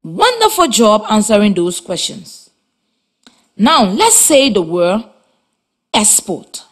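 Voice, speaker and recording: A woman teaching a children's reading lesson on radio in a slow, clear, instructive way. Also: mid-range voice, very animated. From Liberia.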